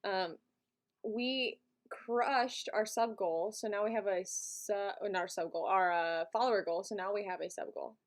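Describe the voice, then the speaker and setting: A woman's voice: medium pitch, normal speed. A woman hosting a live stream, chatting casually and giggly with her viewers from a home setup. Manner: chatty and giggly, talks to chat.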